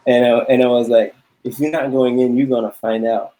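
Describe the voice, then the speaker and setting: A man from Germany, telling a story in casual chat, halting and repeating words and laughing often. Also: mid-range voice, flat delivery, warm tone, low-quality recording. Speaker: panel guest.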